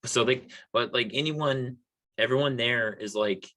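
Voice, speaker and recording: A man's voice: mid-range voice, a little slow, bright, forceful tone. A man from Texas co-hosting a podcast, talking politics in an emphatic, loose and profane way. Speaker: podcast co-host. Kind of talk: casual political chat.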